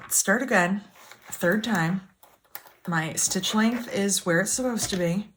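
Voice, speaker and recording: A woman hosting a casual sew-along, chatty and self-deprecating, grumbling as things go wrong. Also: mid-range voice. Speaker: sewing channel host. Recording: clear background machine noise. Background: sewing machine running.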